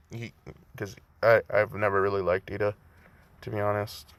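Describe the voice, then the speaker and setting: A man's voice: fairly low pitch, flat delivery, moderate pace, clean tone, no echo. A young man in his twenties casually rambling through a fan story retelling, profane and loose, full of fillers, at home by a cracked window.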